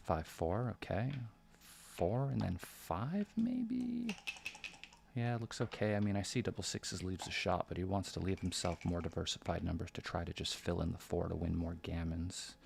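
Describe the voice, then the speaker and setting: Hushed, gravelly man commentating. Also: deep voice, lively intonation, normal speed, slight background noise. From United States. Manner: hushed, near-whispered, thinking aloud. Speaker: backgammon commentator. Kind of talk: live game commentary.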